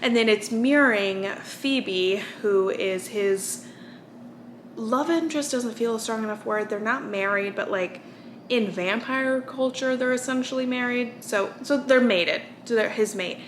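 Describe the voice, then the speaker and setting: A woman's voice: on the high side, unhurried, a little hiss or hum. Tired, chatty American woman vlogger. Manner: rambling, with fillers and restarts. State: tired from little sleep. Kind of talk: casual chat.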